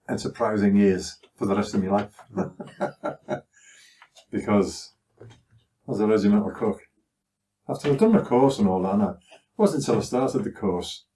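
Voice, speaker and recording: This is a father from Liverpool, England, an older man with a thick Scouse accent, recounting his life in easygoing conversation. He tells chatty anecdotes and mimics the voices of others. His voice is fairly low and picked up slightly away from the microphone.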